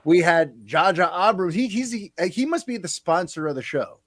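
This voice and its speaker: A man hosting a casual podcast chat, talking in a chatty, animated way with quick asides. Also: high-pitched, dry recording, studio quality. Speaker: podcast host.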